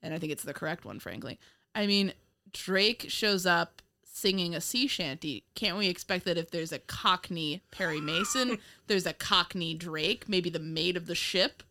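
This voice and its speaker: A woman's voice: lowish voice, normal speed, pushed and bright. A woman co-hosting a casual chat about an old TV show, rambling and giggling often. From United States. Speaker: podcast co-host.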